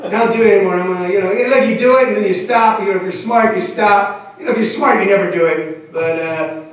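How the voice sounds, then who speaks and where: A man's voice: high voice, quick pace. A middle-aged man performing a rambling, self-deprecating stand-up comedy set, full of fillers, on a club stage. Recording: very echoey room, distant from the mic.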